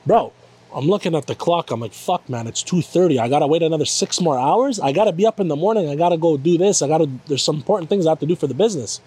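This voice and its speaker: Animated, cussing man telling a story. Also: on the high side, quick pace, slightly rough. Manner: animated, profane storytelling with acted-out quotes. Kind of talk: casual chat.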